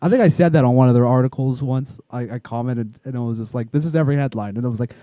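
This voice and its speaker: A man's voice: medium pitch, rapid-fire, no echo. A man co-hosting a podcast, ranting with heavy swearing and laughter in a casual chat. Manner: animated, profane, ranting. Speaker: podcast co-host.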